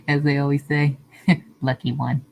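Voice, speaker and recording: A woman's voice: deep voice, expressive, slow, gravelly, darkish tone, slight background noise. A woman streamer chatting casually with her viewers, answering comments and laughing often. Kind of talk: casual live-stream chat.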